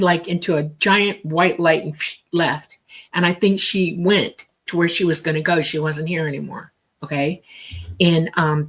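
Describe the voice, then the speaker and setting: A woman's voice: on the low side, fairly bright tone. Rambling woman medium telling a story. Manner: rambling, filler-heavy, acts out quoted dialogue. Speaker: psychic medium. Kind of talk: casual storytelling on a talk show.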